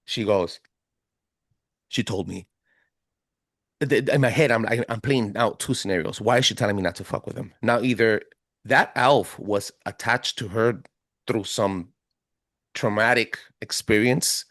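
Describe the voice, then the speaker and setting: A man telling a story as a podcast guest in a casual, animated way, full of slang. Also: on the low side, unhurried, pauses often, no room sound, clean studio sound. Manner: animated, slangy, keeps saying bro.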